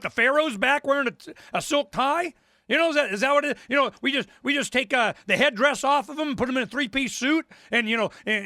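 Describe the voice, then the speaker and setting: A talk radio host in full rant, his voice pitched very high and sharp. He piles up sarcastic questions, repeats himself and bursts into shouts. The sound is dry and close, with no room around it. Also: no echo.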